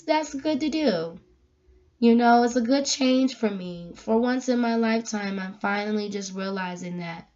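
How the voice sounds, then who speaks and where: A woman vlogger giving a casual spiritual talk, animated and emphatic as she tells stories. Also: medium pitch. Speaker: vlogger giving a faith message. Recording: dull lo-fi recording.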